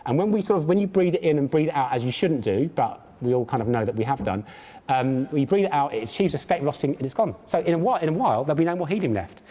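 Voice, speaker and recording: A man hosts a comic science demonstration on a live stage, his voice a little high and swooping around a lot. He keeps up a theatrical, joking patter with mock pomposity. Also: lively intonation, racing, mellow. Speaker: science show presenter. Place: live stage show at a large public event.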